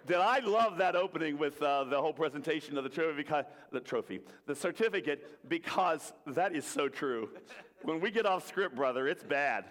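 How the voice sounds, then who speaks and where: A preacher delivers a playful, interactive sermon in a church hall before an audience, leading the congregation in call-and-response chants. His voice is slightly high for a man and a bit bright, ringing with the long reverb of a large hall.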